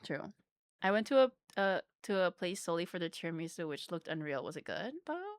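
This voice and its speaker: A woman's voice: fairly low pitch, sing-song, fairly quick, clear, resonant tone, dry recording. A woman streamer chatting casually to her viewers, bubbly and giggly, rambling with lots of fillers. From Philippines. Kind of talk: casual live-stream chat.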